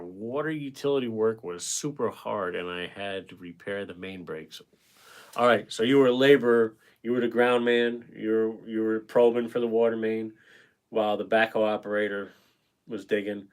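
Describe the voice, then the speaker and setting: A man's voice: lowish voice, steady tone, moderate pace. A man hosting a painting livestream, chatting casually and rambling as he reads out viewer comments and answers them. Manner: talkative, chummy with viewers.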